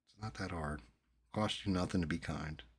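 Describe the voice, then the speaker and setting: Talking informally with his viewers, a middle-aged streamer from New Jersey spins meandering stories full of profanity. He has a deep voice with a breathy edge and speaks at normal speed.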